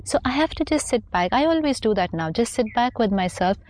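A woman's voice: on the high side, animated, a little fast, darkish tone. A woman speaking as a spiritual teacher on a talk show, explaining her ideas patiently and reflectively.

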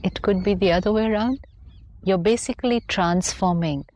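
A woman's voice: medium pitch, moderate pace, darkish tone, slight background noise. A woman speaking as a spiritual teacher on a talk show, explaining her ideas patiently and reflectively.

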